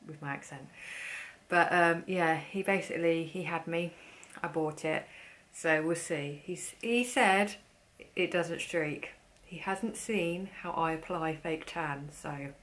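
A woman's voice: low-pitched, moderate pace, fairly bright tone. A woman chatting casually to camera about her shopping, with playful self-deprecating asides. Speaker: beauty vlogger. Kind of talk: casual haul chat to camera.

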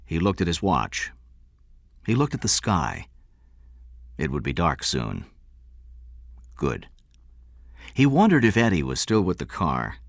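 A man narrating an audiobook story in a measured, expressive way. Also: low-pitched, gravelly, dry recording, studio quality. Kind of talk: scripted narration.

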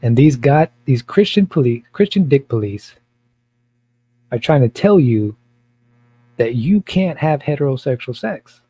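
A man's voice: mid-range voice, animated, a little slow, long pauses, mellow, slightly rough, dry recording, rough recording. A man who is a pastor, talking in a blunt, provocative, rambling way with many repeats during a casual Bible study.

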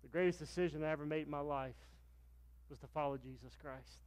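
This slightly high, somewhat mellow voice belongs to a middle-aged Virginia pastor who moves a little fast as he preaches. He tells stories throughout the sermon and plays out their dialogue in a raised voice.

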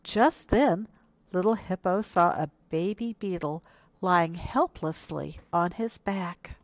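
A woman librarian reading picture books aloud for a children's storytime, speaking gently and expressively and asking the children questions. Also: lowish voice, a little slow, dry recording. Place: indoors, recorded for video.

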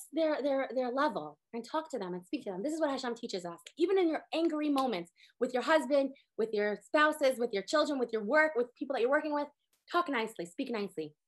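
A woman in her thirties teaching a lively Torah class, acting out quotes with sudden jumps in pitch. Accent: sprinkles Hebrew words. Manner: animated, acts out quotes with big pitch jumps.

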